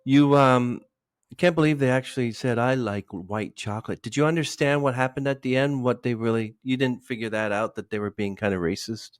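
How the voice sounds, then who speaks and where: A man's voice: mid-range voice, steady tone, brisk, clean tone. Rambling man hosting a podcast. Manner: rambling, hesitant, trails off mid-sentence. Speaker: podcast host. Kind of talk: casual interview chat.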